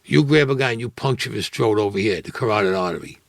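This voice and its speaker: Gruff older New man. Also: fairly low pitch, fast talker, no room sound. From Brooklyn, New York. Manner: gruff, blunt street talk, acts out dialogue. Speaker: interviewee, Vietnam veteran. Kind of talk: storytelling interview.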